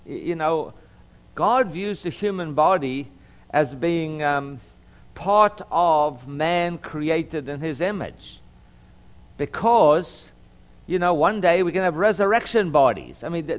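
Earnest man preaching with halting repeats. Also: on the high side. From Southern California. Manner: earnest, repeats words and fills pauses with um. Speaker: lawyer teaching a Bible class. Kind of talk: sermon-style Bible teaching.

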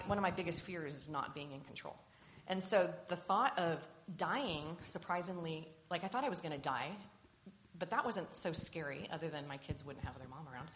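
Brief: middle-aged woman, deep voice, earnest personal testimony, reflective. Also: a bit bright, slight background noise. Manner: earnest and reflective, quoting scripture. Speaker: speaker sharing her faith testimony.

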